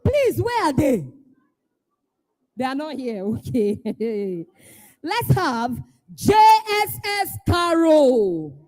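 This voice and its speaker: High, lively Nigerian woman hosting an event. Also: extremely slow, long pauses. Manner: playful, teasing, often shouting to hype the crowd. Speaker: event host. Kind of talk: live event hosting, calling out schools.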